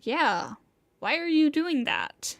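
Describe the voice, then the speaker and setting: Female streamer for a live read-along, high-pitched, animated and joking. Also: slow pace, no echo.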